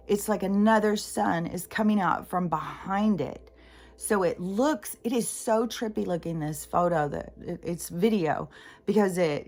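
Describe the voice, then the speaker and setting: A woman's voice: on the low side, a little mellow. Rambling middle-aged woman vlogger. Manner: rambling, jumps between tangents, many fillers. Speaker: spiritual vlogger. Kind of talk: casual rambling monologue.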